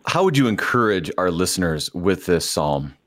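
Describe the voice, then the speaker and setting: A male radio host with a somewhat low voice. He keeps his prompts short and steady as he guides the interview and signs off. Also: moderate pace.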